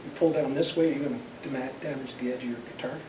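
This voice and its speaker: An older man giving a casual step-by-step woodworking demonstration at a club meeting. He explains patiently, stumbles over and repeats words, and clears his throat now and then. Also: medium pitch, steady tone, fast talker. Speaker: club presenter. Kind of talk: casual hands-on demonstration talk. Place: club meeting room, indoors. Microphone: room mic far from the speaker. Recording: echoey, distant, noisy room recording.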